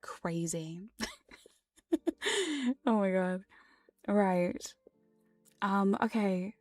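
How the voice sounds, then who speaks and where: A woman streamer talking in a soft, rambling whispered role-play, playful and prone to swearing. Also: medium pitch, steady tone, extremely slow, no room sound, faint music behind. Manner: frequent laughs and swearing. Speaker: ASMR streamer. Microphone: binaural ASMR microphone.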